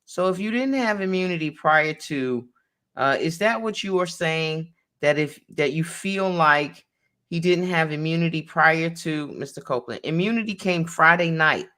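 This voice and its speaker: A woman's voice: sits low, normal speed, a bit bright. A woman attorney reading a court transcript aloud in a conversation, naming each speaker as she goes.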